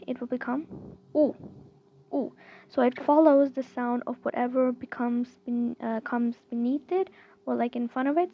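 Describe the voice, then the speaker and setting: Slow, gravelly woman teaching letters. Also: fairly high pitch, lo-fi sound. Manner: slow, repeats each sound, many fillers. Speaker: language teacher. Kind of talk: casual online lesson.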